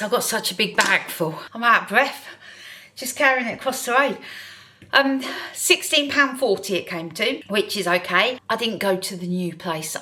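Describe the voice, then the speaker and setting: A woman's voice: a little high, sharp tone. A woman vlogging in a chatty, self-deprecating way about her day. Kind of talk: casual vlog narration.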